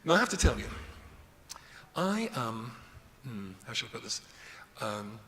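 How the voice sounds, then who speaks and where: Rabbi cracking self-deprecating jokes in a lecture, pitch jumps all over, faint noise in a big echoey hall. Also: male voice, measured pace. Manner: jokey, self-deprecating, animated. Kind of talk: humorous lecture with storytelling.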